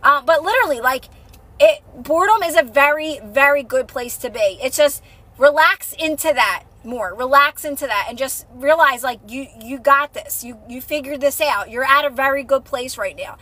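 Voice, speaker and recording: A young adult woman who works as a manifestation coach hosts a casual livestream on a phone mic, chatting reassuringly with viewers and using many fillers and repetitions. Her voice is high and sharp-toned at a moderate pace.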